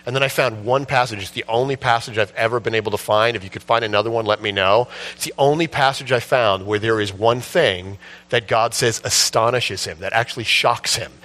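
Bright-voiced male preacher. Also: medium pitch, brisk. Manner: impassioned storytelling, rising to shouts at the climax. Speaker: pastor. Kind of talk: sermon.

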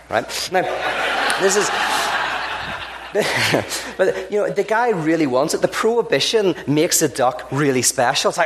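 A man's voice: medium pitch, normal speed. A man from Ireland, giving a storytelling talk to an audience and acting out the characters in his jokes. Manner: animated, acts out characters in jokes.

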